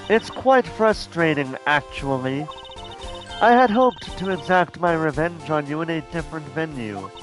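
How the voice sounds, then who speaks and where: A man's voice: on the high side, animated, a little slow, soft background music. A man voicing a proud, severe young female prosecutor in a raised, imperious, scolding tone while reading a game script.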